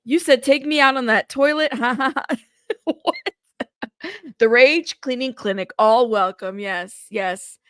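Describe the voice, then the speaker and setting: A woman's voice: fairly high pitch, slow pace, a bit bright, clear, resonant tone, no room sound, clean studio sound. A woman hosting a casual livestream, greeting viewers by name and chatting with frequent laughs. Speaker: livestream news host. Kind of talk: casual live chat reading comments.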